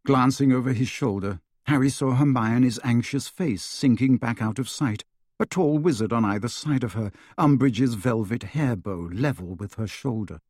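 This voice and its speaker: A man narrating an audiobook in an expressive, measured storytelling voice on a close studio mic. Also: mid-range voice, dry recording.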